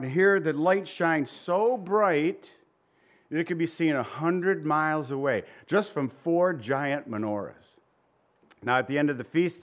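A male preacher giving a sermon, telling the story vividly and asking the listeners rhetorical questions. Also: fairly high pitch.

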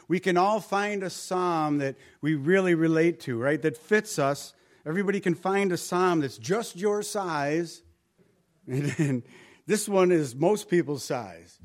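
Conversational preacher with a higher voice. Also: male voice. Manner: conversational, asks rhetorical questions, drops soft on tag lines. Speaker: pastor. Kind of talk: sermon.

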